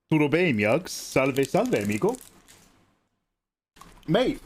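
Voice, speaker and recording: A man streaming live, chatting casually with viewers while often clearing his throat. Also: medium pitch, sing-song, normal speed, pauses often. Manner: chatty, greets viewers, jokey. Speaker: livestreaming artist.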